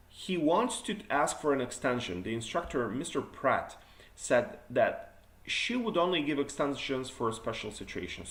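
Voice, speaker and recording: A man's voice: mid-range voice, fairly bright tone. A male teacher reviews sample exam answers, correcting them and acting out better versions. His voice sits in the middle range. The room gives it a noticeable echo. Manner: corrective, demonstrates better phrasing.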